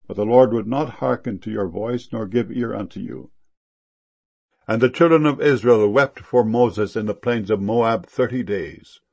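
Male scripture reader, solemn and measured; low, husky delivery. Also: darkish tone, highs cut off. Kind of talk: scripture reading.

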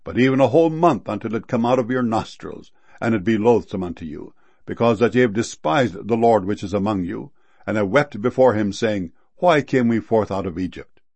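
Male scripture reader, solemn and measured; low, husky delivery. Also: lively intonation, a little mellow. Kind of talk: scripture reading.

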